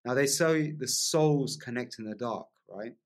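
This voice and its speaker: A man telling a long personal story as a podcast guest, in a lively casual way, often asking "right?" along the way. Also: mid-range voice, a little slow. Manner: animated storyteller, frequent "like" and "right?" tags.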